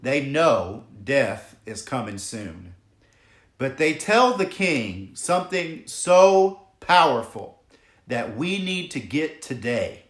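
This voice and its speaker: Slow, emphatic preacher in an echoey hall. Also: male voice, medium pitch, sing-song. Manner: earnest, emphatic, drawn-out preaching cadence. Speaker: pastor. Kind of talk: sermon. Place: church hall. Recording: echoey room.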